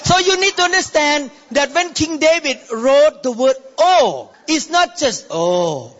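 A man preaching a sermon as pastor, animated and exclaiming, often breaking into laughter. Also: very high voice, unhurried. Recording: reverberant, dull lo-fi hall recording.

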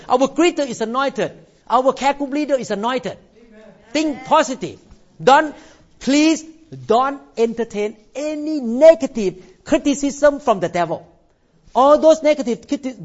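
High-voiced man preaching emphatically. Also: highs cut off. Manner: emphatic, exhorting, repetitive phrases. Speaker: pastor. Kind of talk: sermon.

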